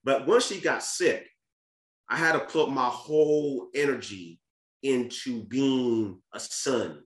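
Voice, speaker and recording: On a podcast, a man with a medium-pitched voice speaks slowly while telling a candid family story. Earnest and casual, he keeps restarting and repeating words; the space sounds roomy and echoey.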